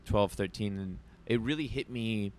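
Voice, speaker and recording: A man with a voice a little on the low side chats in an easygoing interview backstage at a festival, inside a trailer. He talks loosely, fills his sentences with "like" and often starts over mid-thought. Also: moderate pace, a little hiss or hum. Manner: chatty, heavy use of "like", frequent restarts. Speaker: musician being interviewed. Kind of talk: casual backstage conversation.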